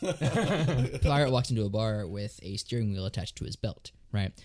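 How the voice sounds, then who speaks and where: A man's voice: lowish voice, animated, normal speed, darkish tone. Playful man telling cheesy jokes. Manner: playful storyteller, puts on pirate voices in jokes. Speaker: band guitarist. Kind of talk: casual chat, telling jokes.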